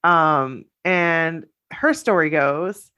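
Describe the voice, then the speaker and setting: A woman's voice: deep voice, very slow, sharp tone, clear, resonant tone, dull audio. A woman co-hosting a casual podcast, gushing and chatty as she reads out listener stories. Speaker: podcast co-host.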